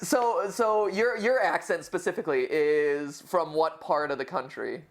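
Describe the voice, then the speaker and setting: A man hosting a casual livestream chat, excitable, stumbling over his words and laughing often. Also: fairly high pitch, unhurried. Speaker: host.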